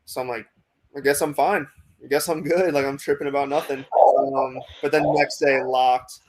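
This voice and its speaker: A young man with an American accent, a minor league pitcher telling a long story in a casual interview, full of "like" and "um". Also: steady tone, normal speed. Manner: rambling, many fillers like "like" and "um".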